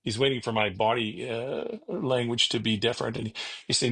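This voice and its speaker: Middle-aged man, gravelly and husky, rambling storyteller who voices the people he quotes, casual podcast guest. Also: medium pitch, fairly even intonation, fairly quick, fairly bright tone. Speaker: podcast guest, car finder.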